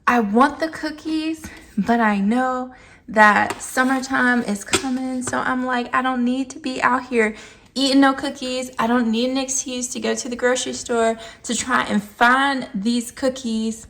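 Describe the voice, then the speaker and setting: A woman's voice: sits high, steady tone, unhurried, fairly bright tone, slight background noise. A woman chatting casually to camera as she reviews a scented candle, emphatic and playful. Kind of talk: casual vlog chat.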